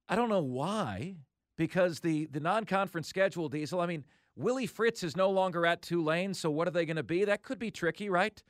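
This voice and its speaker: A man hosting a sports talk show, emphatically rattling off schedules with mock disbelief. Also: high-pitched.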